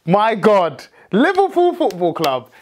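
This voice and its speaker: A young man hosting a football fan vlog, talking excitedly with many restarts and outbursts. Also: high voice, takes it slowly, a little hiss or hum. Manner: excitable, rambling, frequent restarts, shouts in joy. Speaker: football fan channel host.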